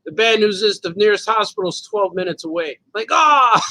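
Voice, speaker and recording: A man's voice: high-pitched, steady tone, fairly quick, bright, forceful tone, poor audio. A man hosting a live show, chatting casually and rambling from joke to joke, laughing often as he reads viewer comments. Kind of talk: casual live-stream chat.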